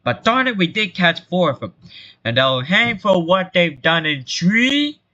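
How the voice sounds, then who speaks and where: A man's voice: big pitch swings, a little slow, lo-fi sound, exaggerated voice. A man voicing a pompous, dim-witted small-town male mayor in a comic reading. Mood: grandstanding. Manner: shouty, theatrical, high-pitched outbursts.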